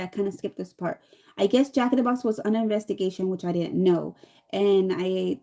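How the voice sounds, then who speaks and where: A chatty woman in her thirties tells a long, rambling story while she does her makeup, slipping into the voices of the people in it. Her tone is mellow and warm, sitting at an ordinary middle pitch. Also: vocal fry. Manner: chatty, rambling, animated quoting. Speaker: vlogger.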